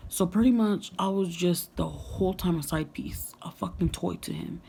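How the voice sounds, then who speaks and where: Young woman, lowish gravelly voice, frank storytime vlog with faint background hiss. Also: moderate pace, few pauses, dark tone. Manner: candid, frank, heavy swearing, lots of "like". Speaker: vlogger. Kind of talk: casual storytime monologue.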